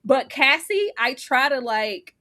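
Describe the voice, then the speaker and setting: A woman's voice: high voice, animated, slow pace, sharp tone. A woman hosting a live online recap show, chatting casually, laughing often and retelling scenes with drama.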